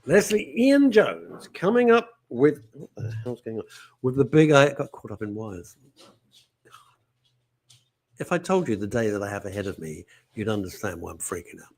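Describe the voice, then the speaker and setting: A man's voice: lowish voice, moderate pace. A man hosting a live show, reading out viewer comments and ranting in casual chat. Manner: animated and ranting, jumping between topics. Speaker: host.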